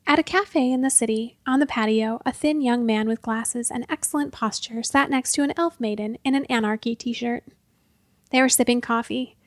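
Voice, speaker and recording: A woman's voice: on the high side, dry recording. Woman reading a storybook aloud. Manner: expressive, measured storytelling. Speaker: narrator. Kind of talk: storybook narration.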